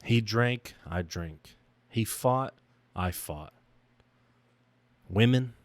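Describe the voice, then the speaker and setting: Speaking very slowly with lively intonation, a young man with a lowish voice reflects on his own life on his podcast. The recording is dry, and his raw monologue breaks off and resumes.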